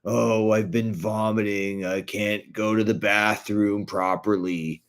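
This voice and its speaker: A man's voice: lowish voice, fairly even intonation, slow. A man mimicking a whiny male streamer who fakes illness, in an exaggerated mocking whine.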